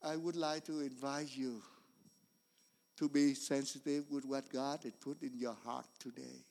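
A man preaching a sermon in earnest, repetitive, non-standard English, swinging between loud emphasis and quiet storytelling. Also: medium pitch, level tone, a little slow, vocal fry. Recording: long reverb of a large hall.

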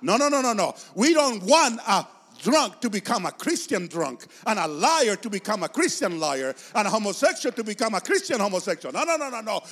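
A man's voice: sits high, sing-song, a little fast, hardly any pauses, fairly bright tone, in a large hall. A man preaching a sermon with passion and emphasis, repeating phrases to drive his points home.

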